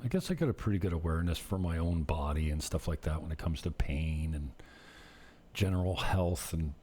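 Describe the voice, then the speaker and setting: A man vlogging in a casual, rambling monologue, self-deprecating and drifting off topic, with a husky voice. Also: deep voice, expressive, fairly quick, warm tone, a little hiss or hum.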